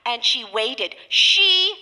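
A meddling, fretful mother in a comedy sketch, her voice high, bright and swooping all over the place. She nags and frets dramatically, and a long reverb trails behind her. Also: animated, extremely slow, exaggerated voice. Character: fussy, meddling middle-aged mother, anxious. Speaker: mother calling her son.

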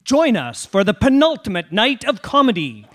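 High, animated male show host. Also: moderate pace. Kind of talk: scripted show announcement.

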